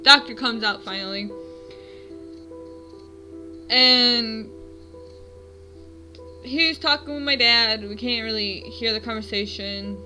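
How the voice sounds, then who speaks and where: A woman's voice: fairly high pitch, slow, pauses often, sharp tone, soft background music, low-quality recording. A woman in her twenties at home, telling her dreams in a rambling, self-correcting casual vlog. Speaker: vlogger.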